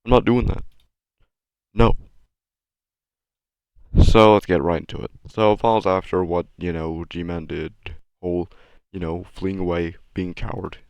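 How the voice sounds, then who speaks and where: Low-voiced young man, rambling and sarcastic. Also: fairly even intonation, unhurried, pauses often, a little mellow, smooth, dry recording. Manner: self-deprecating, rambling, sarcastic. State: a bit sick, coughing. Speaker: channel host. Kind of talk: casual rambling commentary over his animation.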